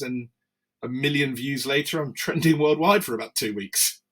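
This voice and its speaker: A wrestler tells stories on a podcast, animated and acting out what others said. His voice is husky at a middling male pitch. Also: moderate pace. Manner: animated storyteller, acts out quotes. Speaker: wrestler guest. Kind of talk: casual interview storytelling.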